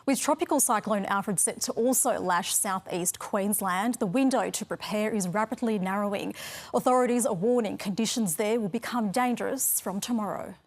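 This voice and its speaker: An Australian woman presenting the evening news, reading in a crisp, measured way. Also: medium pitch. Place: news studio.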